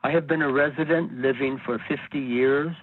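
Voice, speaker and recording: An older man from Northern California reading a formal, measured statement of opposition as a phoned-in public comment. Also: medium pitch, steady tone, husky. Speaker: caller giving public comment. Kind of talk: read prepared statement. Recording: tinny phone line.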